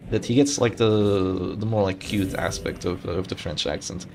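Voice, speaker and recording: A man streaming a tournament and commentating live in a chatty, animated way, thinking aloud and restarting his sentences. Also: deep voice, moderate pace, background noise. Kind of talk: casual live game commentary.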